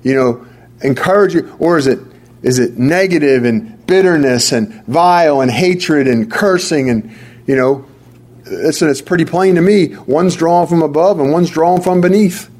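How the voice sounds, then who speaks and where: A man preaching a sermon in a fairly high voice. He leans hard on key phrases, repeats them for weight, and stumbles into quick restarts as he builds his point. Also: a little mellow.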